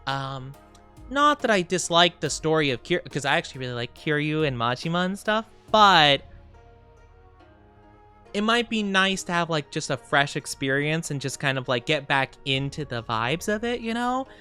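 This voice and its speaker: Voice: medium pitch, very animated, normal speed, bright, forceful tone, clear, resonant tone, faint music behind. A live streamer in casual chat with viewers, rambling and thinking aloud with lots of fillers.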